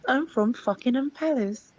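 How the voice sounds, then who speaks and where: A woman's voice: high-pitched, measured pace, dull audio. A woman on a live stream panel, teasing a guest with playful questions. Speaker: co-host. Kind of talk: casual panel chat.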